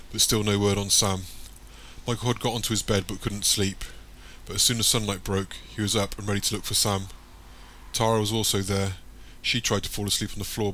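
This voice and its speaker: A man narrating an audiobook chapter in a plain, even storytelling manner. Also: on the low side, a little hiss or hum. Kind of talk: scripted narration.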